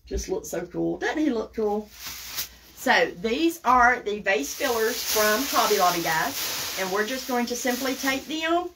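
Over a noisy background, this Southern woman runs a casual craft livestream, demonstrating as she goes and reading out viewer comments. She's chatty and folksy and calls everyone guys and y'all. Her voice sits on the high side, expressive and unhurried.

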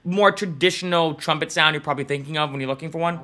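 A man's voice: on the high side, fast talker. A man hosting a casual plugin review show, chatting informally with fillers as he demonstrates sounds. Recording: trumpet music behind voice.

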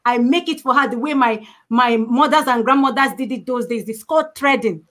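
High-voiced emphatic woman from Africa. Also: fairly quick, fairly bright tone. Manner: emphatic, repeats key points for stress. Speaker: panel speaker. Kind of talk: impassioned panel talk.

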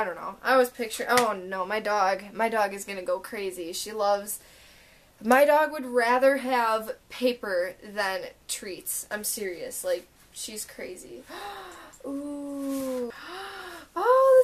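A young woman vlogging a casual book haul and unboxing, gushing and excitable as she talks through each book. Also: mid-range voice, unhurried. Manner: gushing, excitable, lots of "oh my gosh".

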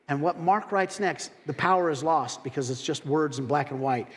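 A man preaching a sermon in a church. He is animated, acts out the voices of critics with sudden loud, high rises, and drops in folksy asides and laughs. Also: moderate pace, few pauses. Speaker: pastor. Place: church sanctuary. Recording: long hall reverb.

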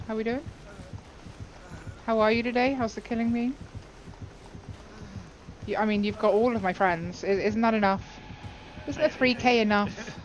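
Playful woman streamer, pleading and teasing. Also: fairly high pitch. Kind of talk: casual gameplay banter. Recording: dull lo-fi stream audio with faint noise.

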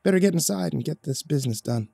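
A man's voice: fairly high pitch, expressive, vocal fry, dark tone, slightly rough, dry recording, studio quality, pitched above the performer's own voice, exaggerated voice. A man voicing a nervous, urgent man who hurries his companion along, in a spoken horror story. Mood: hushed. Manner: hurried, pressing.

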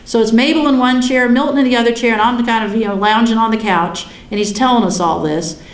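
A woman in her sixties telling a personal story in a chatty, animated way, often laughing. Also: a little high, quick pace, roomy sound. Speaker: guest recounting a near-death experience.

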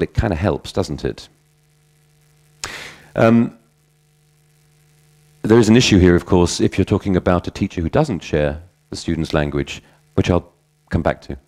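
A man's voice: low voice, a little mellow. A middle-aged man speaking at a conference on language teaching, in a conversational way, telling anecdotes and correcting himself as he goes. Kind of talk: conference talk.

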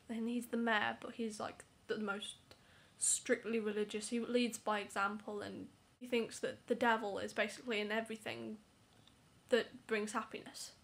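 A woman's voice: a little high, fairly bright tone. A young woman giving a casual movie review vlog, chatty and apologetic, often dropping to a whisper for asides. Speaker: vlogger.

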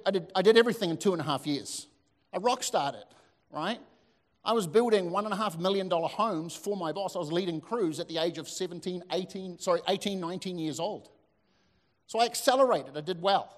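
A man, preaching a sermon as a pastor, telling lively stories with asides to the congregation. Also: high voice. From New Zealand. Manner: animated storytelling with asides to the audience. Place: church hall. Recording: long hall reverb.

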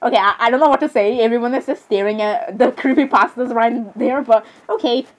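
A young woman with a somewhat high voice chats through a game, giggling often and stumbling over her words. She rambles casually, filling her talk with "literally" and "I'm sorry" asides as she reacts. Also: a little fast. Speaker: gamer. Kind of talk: casual gameplay commentary.

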